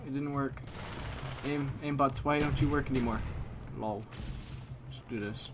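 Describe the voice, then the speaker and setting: A man with a mid-range voice commentates his own shooter match, talking trash at opponents and joking at his own expense. He jumps between loud, exasperated outbursts and low, half-mumbled asides. Gunfire and explosions from the game crackle clearly behind him. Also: steady tone, a little slow. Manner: goofy, self-mocking, talks trash at opponents. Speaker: gameplay commentator. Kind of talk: live shooter gameplay commentary.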